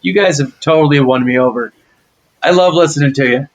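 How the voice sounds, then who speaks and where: A man's voice: fairly high pitch, brisk, low-quality recording. A man from Texas, a guest on a podcast, chatting casually in an easygoing, self-deprecating way with hesitant fillers. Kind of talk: casual chat. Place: home basement.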